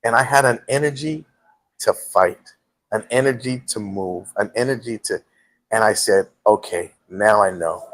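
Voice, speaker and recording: A man's voice: medium pitch, moderate pace, a bit bright. Man telling a personal story on air. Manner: storytelling with many restarts and acted quotes. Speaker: host. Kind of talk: casual live talk show chat. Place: restaurant.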